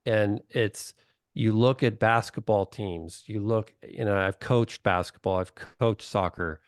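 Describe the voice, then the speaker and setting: A man's voice: on the low side, a little slow, dry recording, clean studio sound. A middle-aged man talking bluntly in a casual webinar chat on a video call, telling stories and acting out what people said. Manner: blunt, storytelling, acts out quotes. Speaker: doctor, webinar guest.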